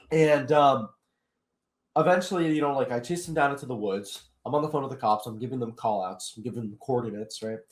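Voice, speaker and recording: A young man with a slightly high voice tells a story as an interview guest, rambling and leaning on fillers. The recording is roomy, with a clear echo off the walls. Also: a bit bright. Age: young adult. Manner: rambling, heavy on fillers like "basically". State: eye still hurting after an attack. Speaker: guest commentator. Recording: roomy echoey room.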